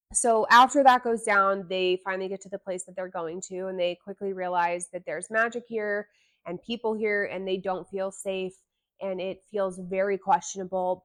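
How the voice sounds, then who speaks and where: A woman hosting a casual book discussion, chatty and animated, who swears freely and quotes characters as she recaps. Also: medium pitch. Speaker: book podcast host.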